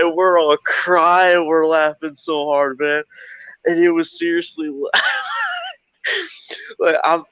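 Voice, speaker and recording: A man's voice: fairly high pitch, slow, long pauses, clear, resonant tone, dry recording. Laughing man telling war stories, dull audio. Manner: animated, laughing, swears freely. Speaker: podcast guest, army veteran. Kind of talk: casual storytelling.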